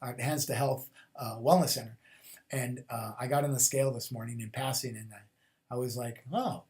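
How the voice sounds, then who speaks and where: A man's voice: medium pitch, steady tone, moderate pace, a little mellow. A man hosting a spiritual call-in show, talking loosely with fillers and repeated, chant-like questions. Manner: rambling, with fillers and repeated phrases; rhythmic, incantatory questions. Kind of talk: casual spoken monologue.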